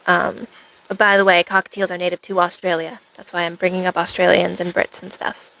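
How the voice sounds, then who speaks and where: Woman, cosplay streamer, casual live-stream chat, rambling, playful, self-mocking, gravelly fry. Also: fairly low pitch, little pitch movement, a little fast, bright, forceful tone, rough recording.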